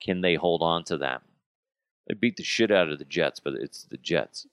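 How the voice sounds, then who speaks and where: Lively-pitched man hosting a podcast. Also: normal speed, clean tone, no echo, studio quality. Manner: animated, joking and profane. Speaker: podcast host. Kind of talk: casual solo podcast monologue. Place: home basement.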